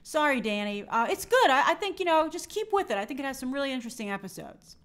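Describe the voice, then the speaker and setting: A woman's voice: sits high, sing-song, fast talker, a bit bright. A young woman hosting a movie live stream, chatting upbeat and reading out viewer comments.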